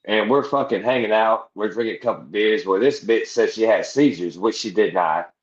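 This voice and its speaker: A man's voice: fairly low pitch, moderate pace. A man, a veteran guest on a podcast, telling a long rowdy anecdote with lots of swearing and laughing asides. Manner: profane, rambling anecdote with laughs. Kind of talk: casual storytelling. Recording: roomy, slightly dull sound.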